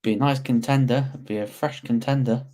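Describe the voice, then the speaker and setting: A man's voice: medium pitch, steady tone, normal speed, dark tone. A young man hosting a fight watch-along, chatting casually to his viewers and stumbling over his words as he comments.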